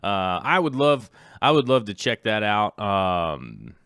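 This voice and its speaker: A man's voice: fairly low pitch, sing-song, takes it slowly, fairly bright tone, clear, resonant tone, dry recording, studio quality. A middle-aged man hosting a livestream in casual chat. He rambles with many ums and restarts and reads viewer comments aloud. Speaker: livestream host.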